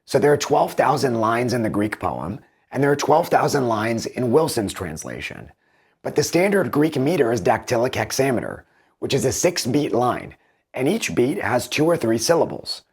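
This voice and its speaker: Lively husky-voiced man explaining. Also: mid-range voice, moderate pace. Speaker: book reviewer. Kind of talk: explanatory commentary comparing translations.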